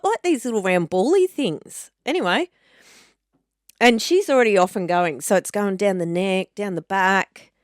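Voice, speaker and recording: A woman co-hosting a casual podcast and rambling through an anecdote with plenty of laughs. Her pitch swings widely as she talks. The recording is dry and close. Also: no room sound. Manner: chatty storyteller, laughs often. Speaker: podcast co-host. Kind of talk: casual chat.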